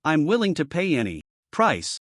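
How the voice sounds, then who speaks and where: Guy reading a rich old man, super polite and flattering, bit high-pitched, dry close sound. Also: normal speed, dry recording. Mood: courteous. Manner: deferential, flattering.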